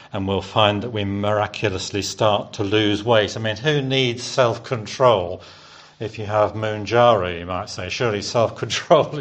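A man with a lowish, fairly bright voice preaches a sermon during church. He keeps it interactive by questioning the congregation and leading them in repeating after him.

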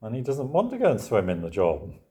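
A man's voice: mid-range voice, huge pitch swings, fast talker, mellow, breathy edge. An older man preaching a Bible sermon in a conversational way, often ending points with questions like "isn't it?". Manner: conversational, with rhetorical tag questions. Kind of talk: expository sermon.

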